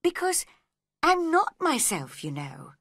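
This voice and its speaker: A woman's voice: high-pitched, huge pitch swings, slow pace, gravelly, fairly bright tone, no echo, studio quality, pitched above the performer's own voice, exaggerated voice. A woman voicing a polite, puzzled young girl who talks earnestly and asks many questions.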